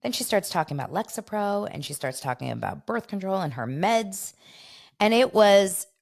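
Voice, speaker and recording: A woman hosting a casual gossip podcast, telling a story with lively retelling of who said what. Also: moderate pace, vocal fry. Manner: animated storyteller, acts out quotes in a higher voice. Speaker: podcast host.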